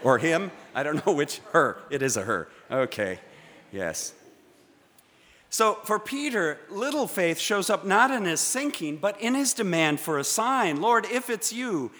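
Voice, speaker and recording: A man preaching a sermon from the pulpit, measured and dramatic, with pauses for effect. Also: a little high, animated, a bit bright. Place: church sanctuary. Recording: long church reverb.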